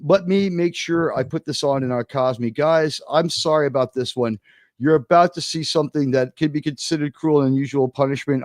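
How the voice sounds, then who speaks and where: High-voiced man ranting sarcastically. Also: no echo, clean studio sound. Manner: animated, sarcastic ranting with swearing. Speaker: show host. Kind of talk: livestream watch-party commentary.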